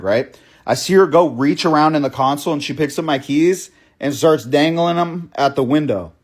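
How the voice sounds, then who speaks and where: A man's voice: on the high side, expressive. A young man telling a story in a casual, profane way, often asking "right?" and calling the listener "bro". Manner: fast, breathless storytelling with many restarts. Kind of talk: storytime monologue.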